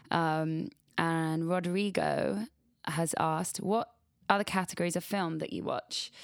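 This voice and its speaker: A woman's voice: lowish voice, vocal fry, clear, resonant tone, dry recording, studio quality. A young woman hosting a radio show, chatting casually and rambling with lots of "like" and swearing. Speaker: radio host. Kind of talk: casual chat. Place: radio studio.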